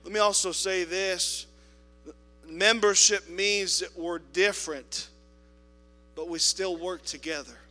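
A man preaching a sermon in a church, telling a story with quoted voices and swinging between loud appeals and soft asides. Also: sits high, fairly even intonation, slow pace, pauses often, long reverb tail, faint music behind. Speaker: pastor. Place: church sanctuary.

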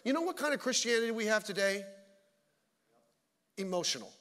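A man's voice: high voice, lively intonation, fairly quick, fairly bright tone. A man pastor preaching a sermon to his congregation, blunt and joking, with mocking asides. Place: church sanctuary. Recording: long church hall reverb.

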